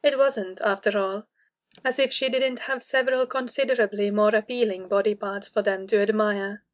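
Woman reading a story at an even pace. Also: medium pitch, normal speed. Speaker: narrator. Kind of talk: audiobook reading of fan fiction.

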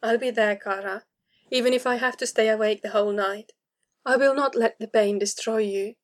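A woman voicing a tender, protective woman companion who speaks softly, steadily and reassuringly. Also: on the high side, fairly even intonation, normal speed, natural voice.

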